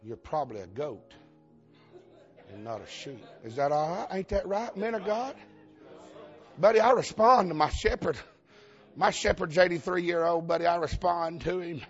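Male Southern revival preacher, high husky voice, fervent and repetitive sermon, dull lo-fi church recording. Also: normal speed, soft background music. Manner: fervent, repetitive, calls out to the congregation.

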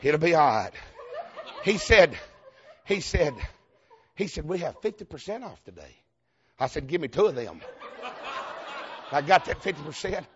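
A Southern man preaching in a folksy, emphatic way, his voice sitting a little high for a man. He spins a funny story from the pulpit, laughing and asking the congregation for an amen. The recording sounds dull and lo-fi. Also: fairly bright tone. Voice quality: folksy, emphatic, laughs often, calls for amens. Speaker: Baptist preacher. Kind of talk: storytelling sermon.

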